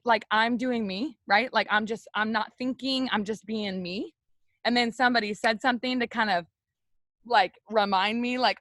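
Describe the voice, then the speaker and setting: A young woman leading a team, giving a loud, energetic, chatty motivational talk straight to her viewers on a live stream. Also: mid-range voice, moderate pace, dry recording, studio quality. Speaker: network marketing team leader on a live stream.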